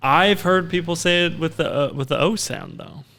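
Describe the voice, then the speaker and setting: A man's voice: fairly high pitch, moderate pace, sharp tone. A man co-hosting a casual podcast, chatty and fond of explaining his little theories. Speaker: podcast co-host. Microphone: studio mic with headphones.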